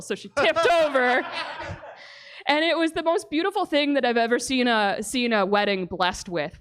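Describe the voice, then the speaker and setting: Woman stand-up, high voice, lively storyteller who laughs at her own bits; stage mic in a club. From Calgary, Canada. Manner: animated storytelling with silly character voices, laughing. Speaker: stand-up comic. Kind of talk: stand-up comedy set.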